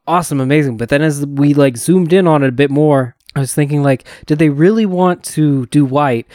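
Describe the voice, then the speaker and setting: A man's voice: fairly high pitch, darkish tone, no echo, clean studio sound. A man talking casually as a podcast panelist, rambling with many fillers. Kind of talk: casual chat.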